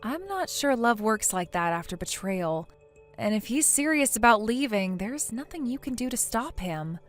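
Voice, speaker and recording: A woman voicing a blunt female friend who lectures a cheater in a text story, in a somewhat high voice. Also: big pitch swings, normal speed, soft background music. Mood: stern.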